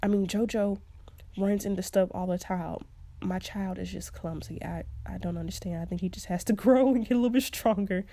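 A woman's voice: mid-range voice, fairly even intonation, brisk, warm tone, no room sound. A young woman hosting a podcast, giving casual advice in a chatty way and laughing often. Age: young adult. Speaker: podcast host.

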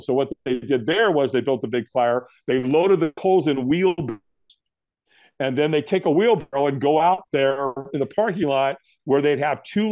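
A middle-aged man from the United States, interviewed as a guest, brings a personal story to life by acting out what people said. He speaks at a medium pitch, with no room sound.

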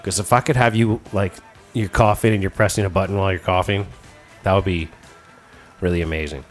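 A man's voice: sits low, fairly even intonation, a little fast, faint music behind. A man hosting a casual comedy podcast, telling crude stories in a loose, rambling way full of fillers. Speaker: podcast host.

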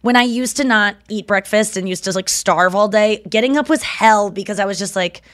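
A woman's voice: medium pitch, normal speed, fairly bright tone, no echo, studio quality. A woman co-hosting a podcast in casual chat, talking in a chatty, rambling way with lots of filler words. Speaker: podcast co-host.

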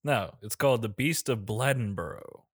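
A man's voice: mid-range voice, normal speed, slightly rough, no room sound, studio quality. A man co-hosting a casual chat, reading out a spooky story from a wiki page with joking asides. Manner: reads aloud from a wiki page with jokey asides, laughs often. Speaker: podcast co-host.

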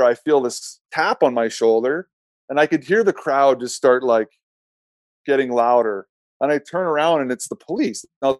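Laughing at himself as he goes, a middle-aged man who once played pro hockey as a goalie rambles through a casual story and keeps correcting himself. He has a medium pitch, and the recording has no echo.

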